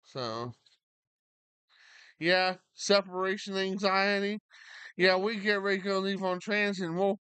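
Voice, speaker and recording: A man's voice: high voice, a little slow, pauses often, sharp tone, clean tone, no echo. A man casually chatting on a live stream at home, rambling to his viewers and his dog beside him.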